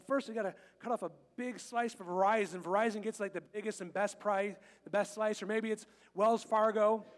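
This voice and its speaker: A middle-aged pastor preaching a casual, humorous sermon, quoting scripture and acting out little everyday scenes. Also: male voice, high voice, big-room sound. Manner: chatty and joking, quotes scripture, acts out little scenes. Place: church sanctuary.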